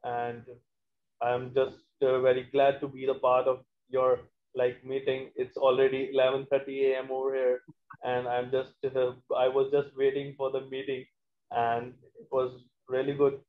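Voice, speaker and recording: A man's voice: medium pitch, monotone, moderate pace, narrow, tinny audio. A man, a wedding planner speaking hesitantly with many fillers on a video call. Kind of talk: online panel remarks.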